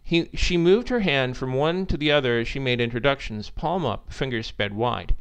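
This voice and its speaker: A man narrating a story in an expressive, animated reading style. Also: medium pitch, moderate pace, hardly any pauses, smooth.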